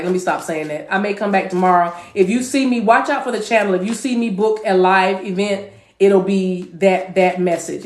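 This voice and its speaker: Chatty woman reading tarot, echoey room. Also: mid-range voice. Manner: chatty, repeats phrases, drops into speaking in tongues. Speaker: tarot card reader. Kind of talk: live tarot reading to viewers.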